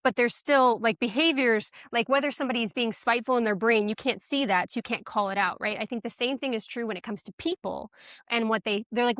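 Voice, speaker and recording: A woman's voice: fairly high pitch, fairly even intonation, a little fast, a bit bright, no room sound, studio quality. A woman hosting a podcast, reflecting thoughtfully in conversation, with many filler words. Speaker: podcast host.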